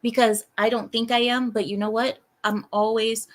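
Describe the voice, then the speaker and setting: A woman's voice: a little high, level tone, normal speed. A woman hosting a livestream, reading viewer comments aloud and answering them in an exasperated way, with frequent sighs and rhetorical questions. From lives in America.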